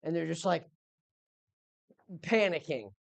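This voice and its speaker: A woman's voice: low voice, lively intonation, slow pace, vocal fry, no room sound. A woman running a tabletop game as game master, narrating in a casual, rambling way with swearing.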